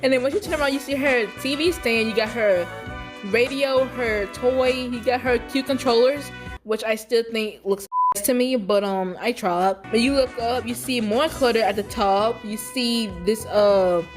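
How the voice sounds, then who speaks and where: Giggly excitable young woman touring a build. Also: on the high side, normal speed. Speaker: vlogger touring a game build. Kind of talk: casual voice-over game tour. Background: background music.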